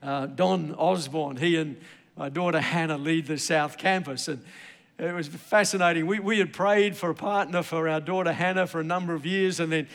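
Middle-aged male pastor, high voice, emphatic storytelling sermon, long hall reverb. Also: normal speed, a bit bright. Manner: emphatic storytelling preacher with repeated "I gotta tell you".

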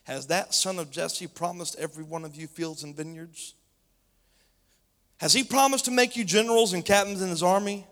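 A preacher acting out a furious, paranoid king who shouts accusations at his men, in a hall with long reverb. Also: on the high side, fairly even intonation, moderate pace, few pauses.

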